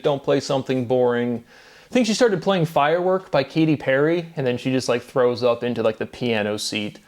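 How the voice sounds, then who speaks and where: A man in his thirties giving a casual, rambling movie review with many fillers and self-corrections. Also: mid-range voice. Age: 30s.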